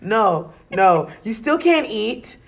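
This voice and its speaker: A woman from Arizona in casual chat, telling an animated, slangy story and laughing often. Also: mid-range voice, takes it slowly, vocal fry, breathy edge.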